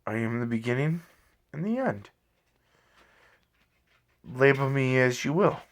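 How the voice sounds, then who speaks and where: A man's voice: medium pitch, animated, measured pace. A man doing a cryptic godlike young man. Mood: grand, cryptic.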